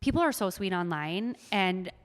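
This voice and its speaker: A woman's voice: on the low side, expressive, normal speed, long reverb tail. A woman with a Minnesotan accent, chatting earnestly as a podcast guest, with lots of "like" fillers. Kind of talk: casual interview chat.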